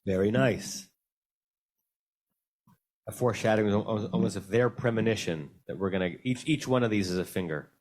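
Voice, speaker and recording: A man's voice: lowish voice, a little fast, pauses often, a little mellow. A male rabbi leading a conversational text study class, calling on participants by name and answering their questions thoughtfully. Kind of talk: conversational Bible study discussion. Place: synagogue class held over video call.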